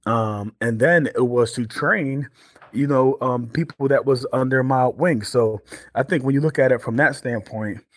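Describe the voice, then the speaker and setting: A man in his forties, a guest on a podcast, telling stories in an animated way with many restarts and fillers. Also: mid-range voice, unhurried, dry recording. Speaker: guest, former pro football player turned entrepreneur. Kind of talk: storytelling podcast interview.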